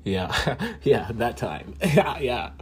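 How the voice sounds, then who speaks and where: A man's voice: mid-range voice, animated, slow, a little hiss or hum. A man ranting casually for laughs, boastful and profane, laughing often. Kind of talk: casual comedic rant.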